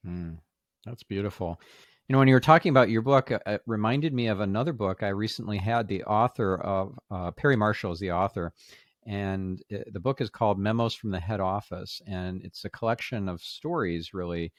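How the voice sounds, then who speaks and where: Deep-voiced man hosting a podcast. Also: no room sound, clean studio sound. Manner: halting, many fillers and restarts. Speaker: podcast host. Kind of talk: podcast interview.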